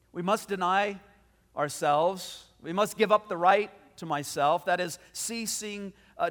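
A man pastor preaching a sermon, telling a story with animated delivery and frequent restarts. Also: high-pitched, in a large hall.

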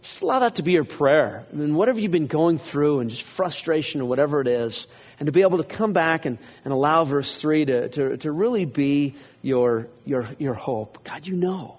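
Male pastor, slightly higher-pitched voice, reads scripture with lifting emphasis and leads congregation prayer in a church sanctuary. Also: animated, moderate pace, big-room sound. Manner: reads scripture aloud with rising emphasis, then prays softly. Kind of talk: sermon.

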